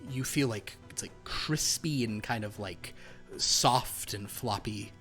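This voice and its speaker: A man's voice: fairly low pitch, takes it slowly, fairly bright tone, soft background music. A man running a tabletop horror game as game master, chatty and laughing between lines.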